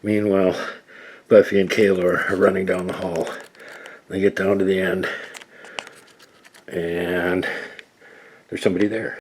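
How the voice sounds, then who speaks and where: A man narrating a tabletop game as game master, animated and dropping to a hush for suspense. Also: sits low, a little slow, pauses often, a little hiss or hum.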